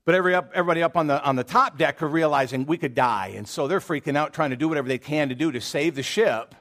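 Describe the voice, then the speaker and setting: A man with a Southern American accent and a somewhat high voice preaches in a relaxed, conversational way. He retells a story with plenty of fillers and asides, often pausing to ask his listeners a question. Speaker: pastor. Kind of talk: sermon.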